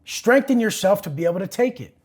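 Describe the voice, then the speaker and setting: Young guy, highish voice, swears constantly, blunt intense pep talk energy. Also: animated, brisk. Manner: profane, blunt, forceful. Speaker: interview guest.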